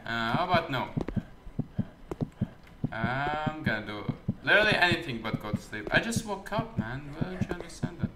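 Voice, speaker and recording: A man's voice: on the high side, big pitch swings, normal speed, very noisy. Sarcastic man gaming in an echoey room. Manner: sarcastic, swearing, joking to himself. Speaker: gamer. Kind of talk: let's play commentary.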